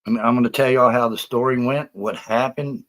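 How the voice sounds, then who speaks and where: A man's voice: medium pitch, steady tone, fairly quick, fairly bright tone. A man hosting a casual live stream, rambling and profane as he defends himself, out of breath. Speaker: livestream host.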